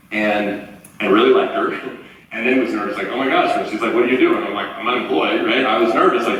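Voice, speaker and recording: A man in his forties giving a live motivational talk, telling stories in an animated way and acting out the voices of the people he quotes. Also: fairly low pitch, a little hiss or hum. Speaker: motivational speaker. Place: large auditorium. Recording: echoey hall from far off, faint ambience.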